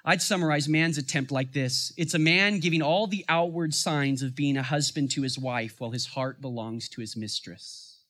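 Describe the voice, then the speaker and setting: A man's voice: fairly high pitch, moderate pace, a bit bright. A man, a father of young children, preaching a sermon in a conversational style that rises into emphatic bursts. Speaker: pastor.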